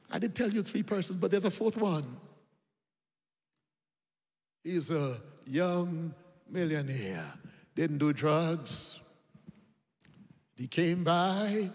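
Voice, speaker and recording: A man preaching a sermon, telling stories, dropping to a hush for quotes and rising to shouts. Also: a little high, big-room sound. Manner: swings from hushed quoting to shouted exclamations. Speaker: evangelist preacher. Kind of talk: sermon with storytelling. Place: church or hall.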